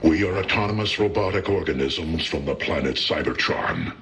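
A man voicing a huge heroic robot leader in a cartoon, speaking with calm command and a gravelly tone. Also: a bass voice, normal speed, slight background noise, heavily acted.

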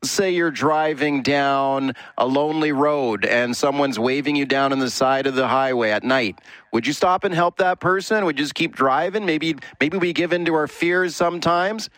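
A man's voice: fairly high pitch, moderate pace, fairly bright tone, no echo. A man radio host, putting questions to listeners in a talk radio discussion.

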